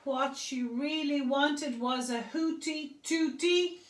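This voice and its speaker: A woman's voice: sits high, roomy sound, recorded from a distance. A woman reading a picture book aloud to preschool children, asking them questions and praising their answers. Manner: slow, sing-song, asks children questions and praises them.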